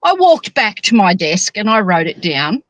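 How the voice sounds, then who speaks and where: A woman, chatting in a teasing, animated way as a monthly guest on a casual podcast. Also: medium pitch, normal speed, dry recording, rough recording.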